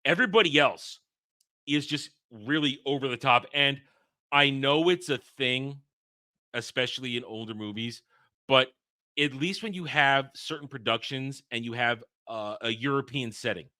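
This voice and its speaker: A man with a bright, forceful voice and an opinionated, emphatic way of talking. He hosts a casual film review chat, recorded dry and close. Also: mid-range voice, moderate pace, no echo. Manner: opinionated, animated, emphatic rants. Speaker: podcast host reviewing a film.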